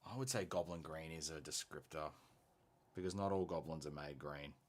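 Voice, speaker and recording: A man's voice: a bass voice, moderate pace, a little hiss or hum. A man hosting a casual painting stream, joking easily with his co-host and chat. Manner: laid-back, jokey banter.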